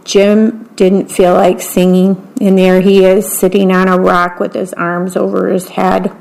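A woman's voice: mid-range voice, level tone, gravelly, darkish tone, poor audio. A woman reading children's picture books aloud, patiently describing each picture as she goes. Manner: slow, plain and patient, pointing out the pictures. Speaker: story reader.

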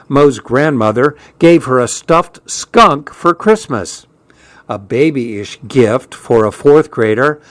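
Slow, measured male audiobook narrator. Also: medium pitch, no room sound. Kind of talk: scripted first-person narration.

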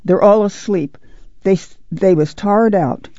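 A man reading aloud voices a weary mother who speaks softly and pleads. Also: high voice, slow pace, no room sound, highs cut off. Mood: pleading.

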